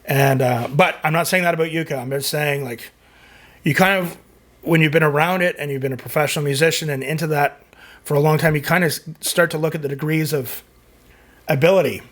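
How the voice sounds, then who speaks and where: A middle-aged Canadian man hosts a music reaction channel, chatting loosely while reading viewer comments aloud, rambling and full of fillers. His voice is a little high, steady, fairly bright, and a little fast.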